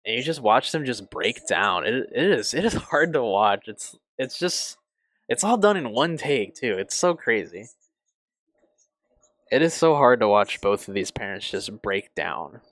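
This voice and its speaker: A young man reviewing a TV show on his channel, emotional and halting, swearing often and restarting his sentences. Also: mid-range voice, big pitch swings, a bit bright, dry recording. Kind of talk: casual review.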